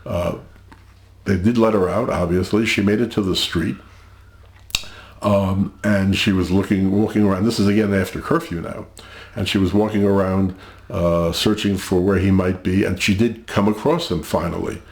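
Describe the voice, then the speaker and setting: In an echoey room, an older interview guest tells his family history with a low, steady voice. His delivery is halting and measured, full of pauses and fillers.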